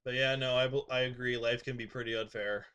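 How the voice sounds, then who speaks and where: A man's voice: medium pitch, little pitch movement, fairly quick, sharp tone, clean tone. A man chatting casually as he streams a game, laughing often and grumbling at it. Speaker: gaming streamer. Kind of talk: casual live-stream commentary.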